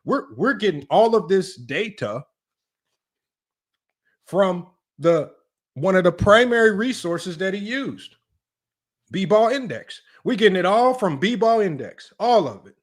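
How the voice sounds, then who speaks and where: A man's voice: sits high, lively intonation, slow pace, long pauses. A man hosting a livestream sports talk show, emphatic and repetitive, tossing in "right?" and "y'all" as he argues a point. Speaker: sports channel host.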